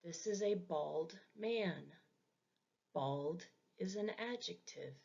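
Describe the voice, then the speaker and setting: A woman's voice: lowish voice, lively intonation, takes it slowly, creaky, a little mellow. A woman teaching an English grammar lesson, speaking carefully and repeating example words for learners. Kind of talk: slow, deliberate language lesson. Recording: dull lo-fi recording.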